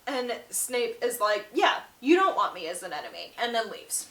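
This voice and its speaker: A woman's voice: on the high side, very animated, moderate pace, a bit bright. A woman hosting a book channel, giving a casual, chatty recap and slipping in and out of the characters' quoted lines. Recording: roomy echo, mic at a distance.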